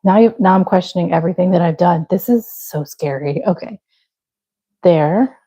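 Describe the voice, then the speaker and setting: Young woman, live craft-stream host; husky, low-lit mellow voice, casual and self-deprecating. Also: normal speed, dull audio. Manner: chatty, self-deprecating, talks to viewers while working. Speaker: livestream crochet host.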